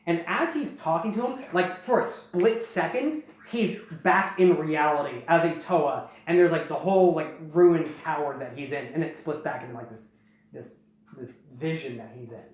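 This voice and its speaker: A young man hosting, casually recapping a story in a rambling way and slipping into quick snippets of character dialogue. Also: a little high. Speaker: host. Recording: very echoey room.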